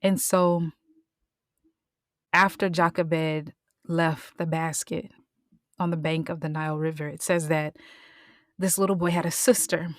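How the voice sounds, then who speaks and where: Expressive woman retelling a Bible story. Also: deep voice, a little slow, long pauses, no echo, studio quality. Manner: expressive, drops into whispers and voices. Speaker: podcast host and storyteller.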